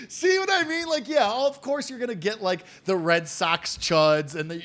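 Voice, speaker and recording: Casting: New York guy, high and lively, jokey betting podcast co-host. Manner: animated, quick, joking, laughs often. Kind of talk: casual podcast banter.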